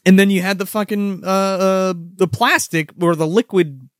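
A man's voice: sits high, steady tone, normal speed, dry recording, clean studio sound. A man in his thirties or forties co-hosting a live-streamed show, rambling and swearing as he reads chat comments. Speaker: podcast co-host.

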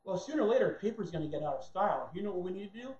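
High-voiced fiery male preacher, roomy. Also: expressive, rapid-fire, darkish tone. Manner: heated, mocking, acts out people in squeaky voices. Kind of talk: sermon. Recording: roomy, dull lo-fi sound.

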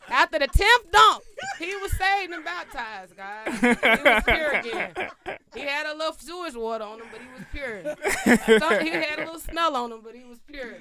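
A woman's voice: sits high, animated, normal speed, a crowd in the background. A woman telling a comic story, laughing often and acting out the quotes in shifting voices. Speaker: storyteller guest.

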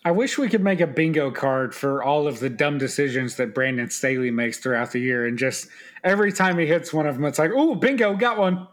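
A man co-hosting a sports podcast in casual chat, telling stories and slipping into quick mock voices. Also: medium pitch. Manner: animated storyteller, does quick mock voices. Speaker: podcast co-host.

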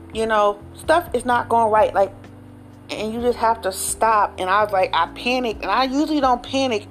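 A woman vlogger talking straight to her viewers in a casual, animated, slang-filled way, often tagging lines with "okay?". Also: medium pitch. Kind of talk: casual direct-to-camera chat.

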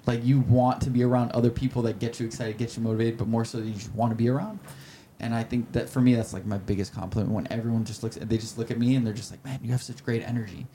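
A man in his twenties, a podcast guest, telling heartfelt stories in an earnest, halting way. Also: mid-range voice, steady tone, dark tone, a little hiss or hum. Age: 20s. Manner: halting, searching for words. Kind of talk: casual interview chat.

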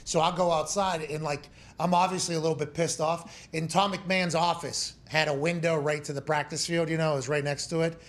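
A man's voice: on the high side, little pitch movement, fairly quick, few pauses. A man in his thirties, a former punter who hosts a sports talk show, telling stories in a heated, profane, joking way. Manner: profane, heated storytelling that slips into mocking voices.

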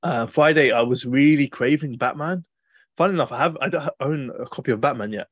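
A man's voice: medium pitch, brisk, slightly rough, dry recording. A young man hosting a podcast, telling long rambling stories in casual chat with plenty of fillers and restarts. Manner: rambling, animated storytelling with many fillers and restarts. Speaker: podcast host.

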